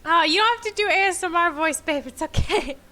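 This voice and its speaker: A woman's voice: extremely high pitch, animated, a little fast, pushed and bright. A young woman streaming a game, joking and teasing in casual banter. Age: young adult. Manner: giggly, teasing.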